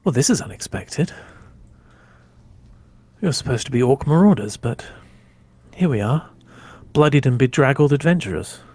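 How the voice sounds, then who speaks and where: A man voicing a poised, sly horned female ambassador in a tabletop game, with a slow, amused drawl. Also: medium pitch, animated, darkish tone.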